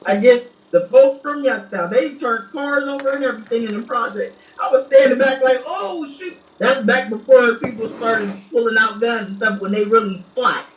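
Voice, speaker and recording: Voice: medium pitch, fairly even intonation, normal speed, few pauses, dull audio, a little hiss or hum. Speaker telling old stories from far off. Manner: reminiscing storyteller. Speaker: guest. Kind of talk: casual chat. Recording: echoey room, far from mic.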